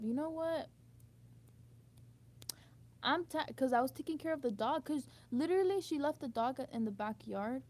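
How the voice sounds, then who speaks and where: A young woman with a high voice vents in a frustrated, blunt monologue. She swears freely, rambles and restarts sentences mid-thought. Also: warm tone. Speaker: vlogger. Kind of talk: emotional venting monologue.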